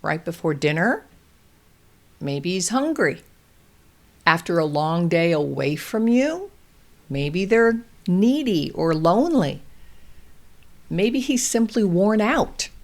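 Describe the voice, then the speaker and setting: Woman host, unhurried pace, gentle measured parenting advice, calm teaching tone. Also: on the low side. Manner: gentle, measured, explains with example phrases. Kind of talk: calm instructional advice talk.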